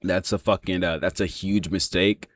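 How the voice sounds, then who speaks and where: Low-voiced, swearing MMA breakdown guy. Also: fairly even intonation, moderate pace, dry recording. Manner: rambling, heavy swearing, many fillers. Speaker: MMA reaction channel host. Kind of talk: casual fight breakdown.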